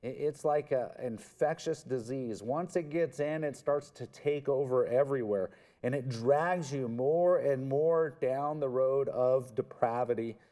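Slow, mellow-voiced male preacher. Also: medium pitch. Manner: earnest, emphatic, repeats words for stress. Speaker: pastor. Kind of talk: expository sermon.

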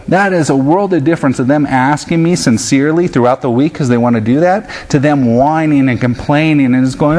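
Man preaching a sermon, slightly high voice. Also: brisk, few pauses, darkish tone. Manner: earnest preaching that puts on his children's voices in quotes. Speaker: pastor.

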